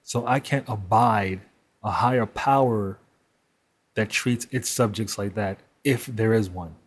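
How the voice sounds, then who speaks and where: A man's voice: on the low side, measured pace. A man hosting a solo monologue, speaking candidly and profanely and laughing between his points. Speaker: podcast host.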